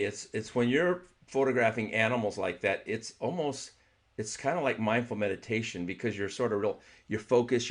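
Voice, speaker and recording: A man co-hosting a podcast, telling an animated, rambling travel story with laughs and restarts. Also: lowish voice. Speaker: podcast co-host. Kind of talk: casual storytelling chat.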